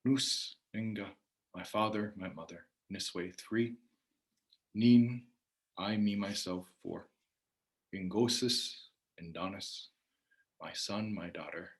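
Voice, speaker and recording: A man giving a measured spoken lecture on the meaning of words, often letting phrases trail off softly at the end. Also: on the low side. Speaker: language teacher.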